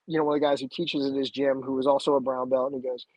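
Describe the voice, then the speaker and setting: A man telling a story as a podcast guest in a casual, animated way, acting out the voices he quotes. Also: very fast, dry recording. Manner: animated, acts out quoted voices with big pitch jumps. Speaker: podcast guest, jiu-jitsu black belt. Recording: slightly dull, dry sound.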